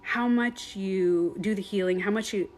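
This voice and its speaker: A woman's voice: mid-range voice, measured pace, darkish tone. A woman who works as a meditation coach, rambling in a casual live-stream monologue with lots of swearing.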